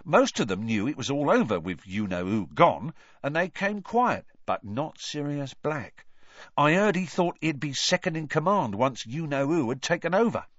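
A man doing a loud excitable young conductor. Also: on the high side, normal speed, no room sound, voice pushed up. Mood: gossipy. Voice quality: loud, excitable, dropped grammar. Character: brash chatty young London bus conductor, excitable. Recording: dull lo-fi audiobook.

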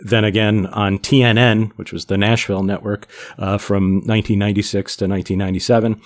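A man with a somewhat low voice co-hosts a podcast. He walks through background facts in a relaxed, conversational way and often pauses with a filler. His tone stays even. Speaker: podcast co-host. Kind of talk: casual podcast chat.

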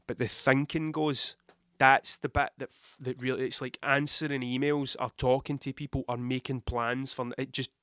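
A man's voice: mid-range voice, little pitch movement, moderate pace, fairly bright tone, no room sound, studio quality. Sweary Scottish man with a cold. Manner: rambling, heavy swearing, blunt. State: has a cold, coughing. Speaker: podcast host. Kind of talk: casual monologue.

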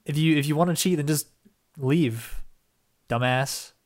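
Young man co-host, chatty and excitable, drifts off-topic and swears casually. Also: a little high, a little slow. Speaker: podcast co-host. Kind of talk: casual podcast chat.

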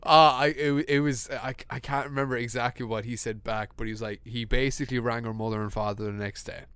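A young man with an Irish accent, a podcast co-host telling a story in casual chat, animated and laughing, with lots of restarts. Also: mid-range voice, fairly quick, clear, resonant tone, no room sound.

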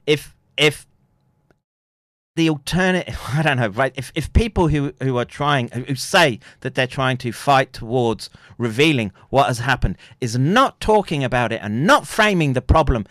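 A man with a bright, lively voice that jumps around his range, recorded close and dry with no room sound. He mocks and laughs at what he plays, then rises into shouted ranting. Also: mid-range voice, normal speed, dry recording. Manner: mocking, laughing, swinging into loud ranting. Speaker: commentary host. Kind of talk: reacting to news clips.

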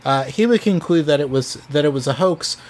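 A man's voice: fairly high pitch, expressive, brisk, a little mellow. A man co-hosting a casual podcast, presenting a story with many fillers and restarts. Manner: hesitant, filler-heavy, restarts often. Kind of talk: casual chat.

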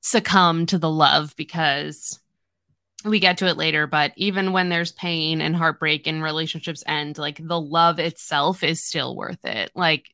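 A woman co-hosting a book podcast in a relaxed, casual chat. Her voice is bright and forward, recorded close and dry. She retells scenes eagerly, filling them with "like" and little acted-out lines. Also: deep voice, a little slow, dry recording. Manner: animated retelling of scenes, lots of "like".

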